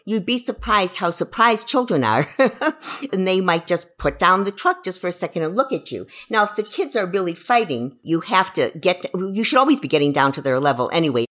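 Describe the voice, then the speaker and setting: A woman's voice: on the low side, very animated, moderate pace, fairly bright tone. A middle-aged woman, an educational psychologist, giving parenting advice on a podcast and acting out what parents and children say.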